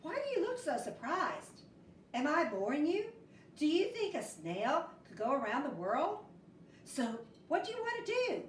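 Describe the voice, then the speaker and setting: Animated woman teacher reading a storybook. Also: high-pitched, unhurried, echoey room, recorded from a distance, slight background noise. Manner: animated, expressive storybook voices for children. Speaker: first grade teacher. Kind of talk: reading a picture book aloud to children.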